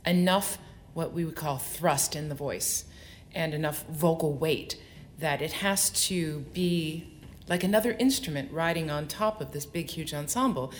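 A woman opera soprano speaking in a strikingly low, deep register for a woman. She talks in an onstage interview in front of an audience, articulate and expressive as she explains her craft at length. A faint hiss sits under her voice.

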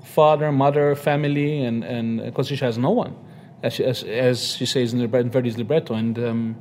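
A man, an opera singer on a panel, speaking haltingly with restarts and a joking streak. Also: medium pitch, steady tone, a little mellow, a little hiss or hum. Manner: halting, jokey, laughs often. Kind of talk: panel interview.

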